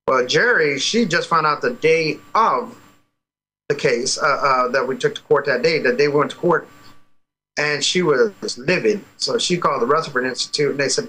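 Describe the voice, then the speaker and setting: A man's voice: fairly high pitch, moderate pace, sharp tone, low-quality recording. A man, a father being interviewed, telling a story with energy and acting out the quoted dialogue. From United States. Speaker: guest, parent. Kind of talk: casual interview over a call.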